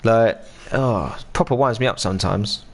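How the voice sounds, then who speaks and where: A man's voice: fairly low pitch, normal speed. An English man in his thirties chatting casually on a live stream while gaming, ranting and swearing freely.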